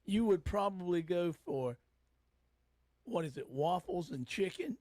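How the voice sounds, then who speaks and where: Teasing high-voiced male co-host. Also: expressive, a little slow, warm tone, dry recording. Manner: teasing, jokey questions. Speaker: radio co-host. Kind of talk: casual studio banter.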